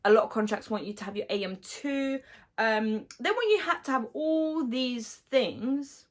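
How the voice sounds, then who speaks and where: Slightly hoarse woman explaining casually. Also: a little high, lively intonation, a little slow. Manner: chatty, many fillers, explains step by step. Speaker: electrician.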